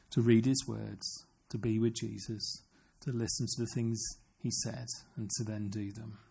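A man's voice: lowish voice, gravelly, dark tone, husky. A man preaching an earnest sermon, often asking his listeners questions. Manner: earnest, asks the congregation questions.

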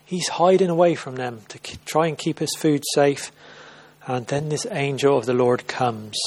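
Delivering an informal sermon at a church service, a preacher retells a Bible story conversationally, often restarting and repeating words. His voice is medium-pitched and a little mellow, at a normal speed.

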